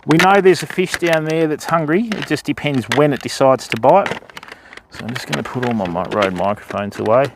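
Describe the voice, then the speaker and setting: A man's voice: mid-range voice, a little fast, background noise. A man, streaming live while fishing on a river and chatting with his viewers in a casual, laid-back way. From Australia. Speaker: fishing livestreamer. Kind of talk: casual livestream chat. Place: outdoors by a river. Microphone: phone.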